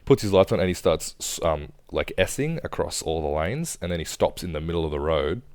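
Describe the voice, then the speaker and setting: Young Aussie guy, podcast co-host, deep smooth voice, dry close sound, relaxed and sweary. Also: brisk, no room sound. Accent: Australian. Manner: laid-back, swears often. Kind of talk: casual storytelling chat.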